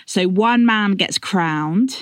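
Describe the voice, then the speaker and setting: A woman's voice: mid-range voice, takes it slowly, slight background noise. A young woman co-hosting a casual chat, playfully reading out categories and giggling as she goes. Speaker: co-host.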